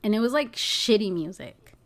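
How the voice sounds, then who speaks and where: A young woman who works as a package delivery driver tells a rambling story in a casual chat. Her medium-pitched voice is animated and moves at normal speed, and she fills gaps with "like" and "you know," swearing and laughing now and then.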